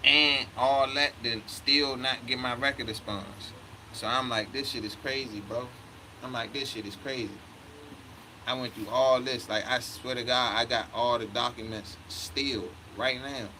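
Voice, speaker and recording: A man's voice: mid-range voice, fairly even intonation, normal speed, bright, forceful tone, a little hiss or hum, low-quality recording. Profane, heated man in his thirties. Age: 30s. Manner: profane, heated, quotes himself a lot. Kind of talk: casual storytelling rant.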